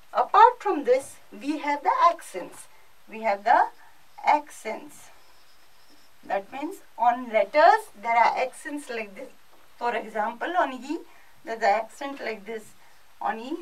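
This rough recording, captured from a distant mic, features a woman with a fairly high voice. She is a French teacher with an Indian English accent, leading a recorded class and explaining patiently, repeating things often.

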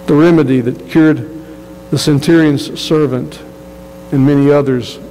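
A male pastor preaching in an earnest, emphatic way, often doubling back on his words. His voice sits a little high for a man and rings out with a long reverb in a church sanctuary. A faint hum runs under it. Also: fairly even intonation, a little slow, mellow. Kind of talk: sermon.

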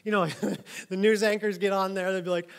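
A male pastor gives a loose, conversational sermon into a microphone in a church. His voice sits high for a man. He jokes a lot and keeps checking in with his listeners. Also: little pitch movement, normal speed, clean tone. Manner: chatty, joking, keeps asking "right?". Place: church sanctuary.

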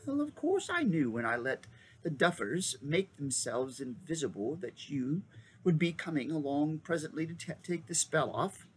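Guy doing a fussy old wizard, high lilting old-man voice, bouncy storybook reading. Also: big pitch swings, normal speed, slight background noise. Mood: genial. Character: old male magician, genial and fussy. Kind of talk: storybook read-aloud.

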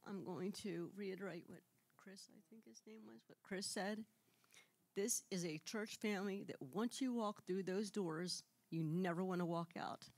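A woman giving a heartfelt testimony at a church service, fighting back tears and speaking in quick rushes. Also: medium pitch, dry recording. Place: church sanctuary.

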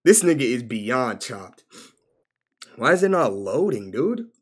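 Animated young-sounding male streamer. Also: mid-range voice, measured pace, breathy edge. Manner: animated, exclaiming, profane, says bro constantly. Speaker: live streamer. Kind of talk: casual live-stream reaction commentary.

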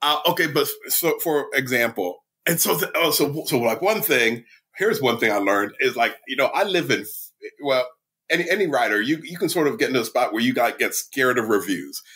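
A man, an author and middle school teacher, telling animated stories as a podcast guest, laughing often and mimicking his students. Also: mid-range voice, moderate pace, breathy edge. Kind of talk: casual storytelling interview.

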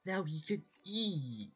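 Gasping, jumpy reaction host with a wildly swinging voice and a breathy edge; faint music in the background. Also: medium pitch. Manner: excitable, gasping, repeating words in panic. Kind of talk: reacting to animations.

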